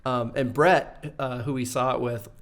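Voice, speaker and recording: A man co-hosting a podcast, talking casually and animatedly about a film, quick to laugh. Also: medium pitch, fairly even intonation, a bit bright. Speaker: podcast co-host.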